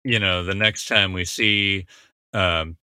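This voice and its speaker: A man's voice: low-pitched, steady tone, slow pace, sharp tone, clean tone, no echo, clean studio sound. A man giving a casual, analytical scene-by-scene commentary, recapping dialogue with frequent fillers.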